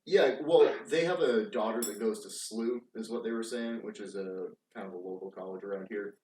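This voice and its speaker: A young man, co-host of a casual podcast, telling animated work stories and swearing freely. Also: on the low side, brisk, far from the mic. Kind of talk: casual chat. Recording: roomy echo, off-mic, faint noise.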